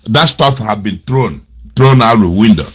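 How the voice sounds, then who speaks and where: A man's voice: on the low side, animated, measured pace, husky. Middle-aged man from Nigeria, critical commentary, emphatic, repeats himself, asks rhetorical questions. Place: lives in America.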